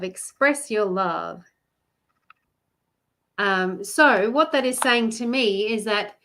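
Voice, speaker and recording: A woman's voice: medium pitch, slow, long pauses, a bit bright. A chatty woman with an Australian accent, doing a live card reading for love, greeting viewers by name and laughing often. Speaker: love coach and card reader.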